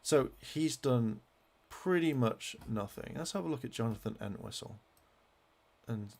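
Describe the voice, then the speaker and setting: A gravelly-voiced man rants angrily on his vlog, swearing in nearly every sentence while he browses web pages. His talk is heated and halting, full of false starts, and his voice sits at an ordinary male pitch with a rough creak running through it. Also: animated, darkish tone. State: angry. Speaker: fan vlogger.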